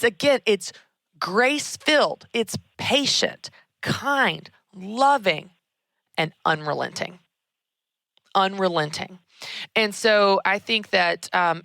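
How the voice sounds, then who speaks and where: A woman, hosting a show and giving emphatic, animated career advice. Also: medium pitch, unhurried, vocal fry, no room sound. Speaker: podcast host. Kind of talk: conversational advice.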